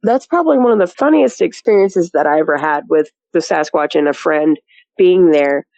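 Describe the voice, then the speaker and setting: A woman's voice: on the low side, animated, normal speed, gravelly, warm tone, no room sound, lo-fi sound. A woman telling her story as a guest in a rambling, chatty way, full of "you know" and laughs. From rural area. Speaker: guest recounting a sighting. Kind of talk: casual storytelling.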